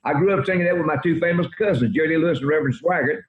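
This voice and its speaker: Man in his eighties, quick talker, slightly high voice, folksy rambling stories, roomy muffled lo-fi sound. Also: slight background noise. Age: 80s. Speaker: country music guest. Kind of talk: interview storytelling.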